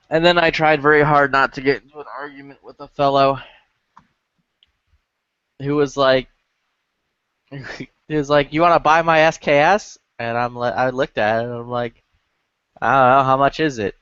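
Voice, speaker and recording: A man's voice: medium pitch, fairly even intonation, moderate pace, pauses often, fairly bright tone, clear, resonant tone, no room sound. Casual male chatter, swears freely and fills with "like", dull lo-fi chat audio. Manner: profane, rambling, many filler "like"s. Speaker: lobby chat regular.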